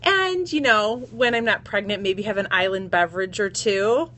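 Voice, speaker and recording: Bright, chatty woman streaming live. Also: medium pitch, normal speed. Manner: chatty, greets viewers by name, laughs often. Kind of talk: casual live stream chat. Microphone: phone.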